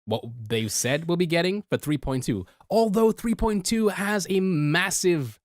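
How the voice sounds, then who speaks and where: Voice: mid-range voice, lively intonation, unhurried, no room sound, clean studio sound. A co-host on a casual gaming podcast, playful and a little hesitant, laughing along.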